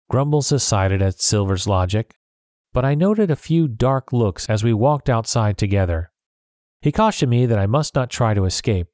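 Guy reading an audiobook chapter, lowish voice, dead dry sound. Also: normal speed, darkish tone, no room sound. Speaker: narrator. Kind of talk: audiobook narration.

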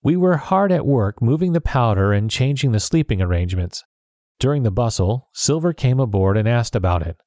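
A man narrating a storybook in an even, clear storytelling voice. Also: medium pitch, fairly quick, no room sound, clean studio sound. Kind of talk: storybook reading.

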